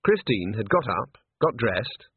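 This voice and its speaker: A man narrating an audiobook in a measured, wry storytelling manner, on a dry lo-fi recording. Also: on the low side, big pitch swings, husky, no room sound. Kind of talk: scripted narration. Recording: dry, narrow lo-fi band.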